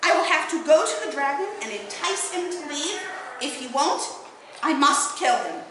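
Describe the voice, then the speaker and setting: Woman playing a formal old-timey king, low and musing, solemn, echoey hall. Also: expressive, normal speed, background noise. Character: worried old-fashioned male king.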